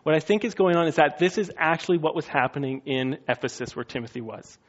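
A man's voice: a little high, expressive, fast talker, dull audio. A man preaching a sermon in a casual, conversational way, now and then acting out quotes in funny voices. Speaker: pastor.

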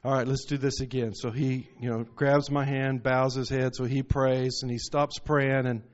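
A man's voice: medium pitch, level tone, normal speed. A man preaching a sermon, telling stories and rising into emphatic bursts. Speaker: pastor. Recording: muffled lo-fi recording.

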